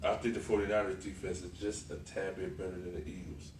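A man in casual sports chat, animated and profane, riffing on teams and players. He sits back from the mic in a roomy space with faint noise behind. His pitch sits in the ordinary middle for a man. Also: a little fast, far from the mic. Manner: animated, slangy and profane, laughing a lot. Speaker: podcast co-host.

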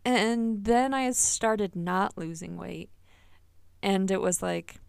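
Podcast host, woman, candid and animated, curses casually, a little vocal fry, dead-dry closet sound. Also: medium pitch, slow pace, no echo. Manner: candid, animated, swears freely, laughs often. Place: small closet. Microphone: single podcast microphone.

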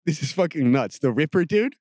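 A man with a fairly high voice recounts a story in casual podcast chat, animated, swearing and laughing as he goes. The sound is dry and close-miked. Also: brisk, dry recording.

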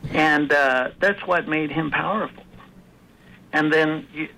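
A man with a fairly high, bright and gravelly voice talks earnestly as an interview guest, stopping and restarting as he tells his story. His tone is forceful and tense. A faint hiss sits under the recording. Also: steady tone, slow, poor audio. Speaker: author and guest. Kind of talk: conversational interview.

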